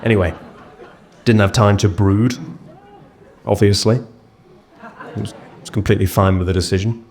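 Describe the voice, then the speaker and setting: A man's voice: fairly low pitch, steady tone, normal speed, a little mellow, a little hiss or hum. A young English man doing stand-up comedy on stage, self-mocking and rambling in his delivery. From England. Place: on stage before a live audience.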